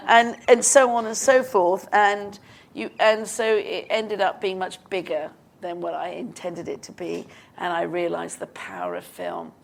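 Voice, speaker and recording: A woman in her fifties from Britain, a film director telling animated anecdotes onstage in a live interview, acting out quotes and laughing. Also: lowish voice, measured pace, gravelly, slight background noise. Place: live stage before an audience.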